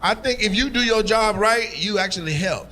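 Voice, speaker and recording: A man's voice: high-pitched, normal speed, sharp tone. A man doing teasing, profane crowd work as a stand-up comedian on a club stage. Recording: live show with crowd noise. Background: audience laughter.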